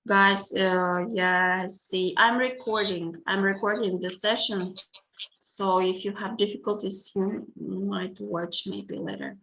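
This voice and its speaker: Russian-accented woman teacher on a video call, unhurried, patient, faint background hiss. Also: mid-range voice, steady tone, pushed and bright, low-quality recording. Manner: slow, patient, hesitant with many fillers. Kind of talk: online language lesson.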